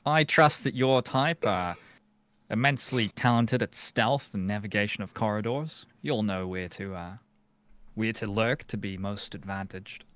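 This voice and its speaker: A man voicing his grandiose high elf bladesinger character in a tabletop game, in a haughty, theatrical manner. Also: measured pace, a bit bright.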